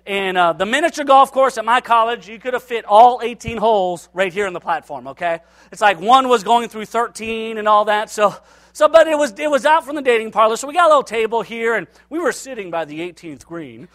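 A man preaching to a church, telling a personal story and acting out its dialogue with lively energy. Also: high-pitched, brisk. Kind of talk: sermon storytelling.

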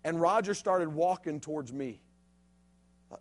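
High-voiced youth pastor preaching. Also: male voice, normal speed. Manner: storytelling preacher, swings from hushed to loud and emphatic. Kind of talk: sermon.

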